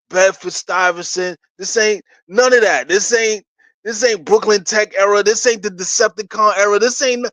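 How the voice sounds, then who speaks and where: Trash-talking New York man, high voice. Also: fairly bright tone, no echo. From New York City. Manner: boastful, trash-talking, laughs between points. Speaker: sports channel host. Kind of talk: casual fan commentary.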